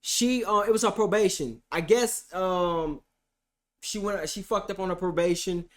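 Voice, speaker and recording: A man streamer telling a comedic story about a day in court, animated and profane, swinging between loud outbursts and hushed asides. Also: high voice, unhurried.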